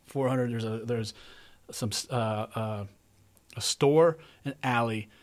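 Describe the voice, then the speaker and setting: A middle-aged man tells a story in a loose, conversational way, circling back and repeating words as he goes. He talks at a middle pitch and sounds like a relaxed podcast host chatting with a guest. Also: slow. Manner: rambling, conversational, repeats himself. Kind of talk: casual storytelling.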